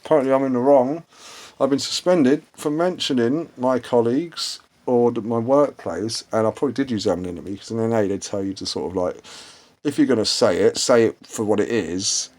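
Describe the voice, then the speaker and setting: A man's voice: medium pitch, a little fast, darkish tone. A man in his forties ranting on his own channel in a blunt, profane, meandering way. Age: 40s. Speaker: channel host. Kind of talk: casual rambling rant.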